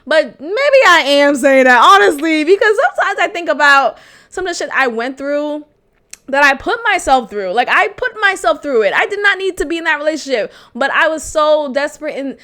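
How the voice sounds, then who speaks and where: A young adult woman hosting a podcast, telling a frank personal story in a profane, animated way and laughing often. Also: sits high, normal speed. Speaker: podcast host. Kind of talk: candid storytelling monologue.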